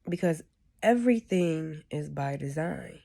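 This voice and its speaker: A woman's voice: low voice, lively intonation, measured pace, gravelly, mellow. A woman giving a casual, rambling spiritual monologue, often checking in with "you know what I'm saying.". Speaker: spiritual speaker.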